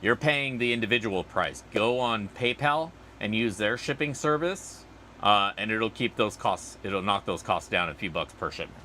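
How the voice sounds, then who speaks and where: A man's voice: fairly low pitch, lively intonation, moderate pace, sharp tone, slight background noise. A man hosting a casual livestream outdoors, rambling and chatty as he answers viewer comments. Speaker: livestream host.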